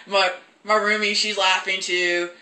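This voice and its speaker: Young woman vlogger, casual rambling rant, bright tone, echoey room. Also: medium pitch, a little slow. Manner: profane, rambling, animated. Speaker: film reviewer. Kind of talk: casual ranting review.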